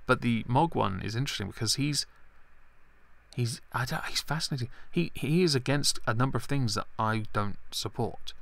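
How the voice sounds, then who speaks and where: A man's voice: medium pitch, normal speed, sharp tone, no room sound. A man hosting a live stream, chatting about politics in a rambling, sarcastic way with self-deprecating asides. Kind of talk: casual political commentary stream.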